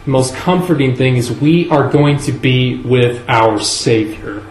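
A man preaching a sermon in a church, earnest and measured, leaning on key words with slow emphasis. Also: medium pitch, a little hiss or hum. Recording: echoey room with faint ambience.

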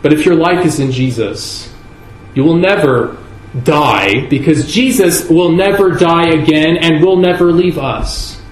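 Slow, deliberate male preacher in echoey church. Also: fairly high pitch, slight background noise. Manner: earnest, measured preaching with slow emphatic stresses. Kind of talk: sermon. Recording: echoey room with faint ambience.

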